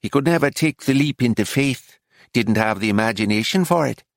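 A man voicing an elderly Irish monk priest who speaks in a measured, sighing, exasperated way. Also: medium pitch, expressive, vocal fry, no room sound, clean studio sound.

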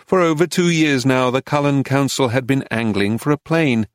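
A man reading a memoir-style audiobook in scripted narration, even and understated. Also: mid-range voice, normal speed, no echo, clean studio sound.

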